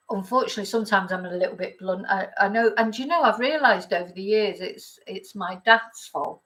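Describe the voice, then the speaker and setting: A woman's voice: medium pitch, a bit bright, rough recording. A middle-aged woman from England, hosting a casual live chat, rambling and reading out viewer comments. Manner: chatty and rambling, reads viewer comments, laughs often. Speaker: YouTube chat host.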